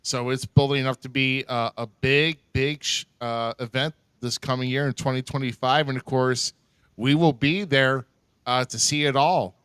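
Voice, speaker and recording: Rambling, bright-voiced man hosting a podcast. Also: mid-range voice, moderate pace, clean tone, no room sound. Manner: animated, rambling with many fillers. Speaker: podcast host. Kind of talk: live podcast chat. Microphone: headphones and desk mic.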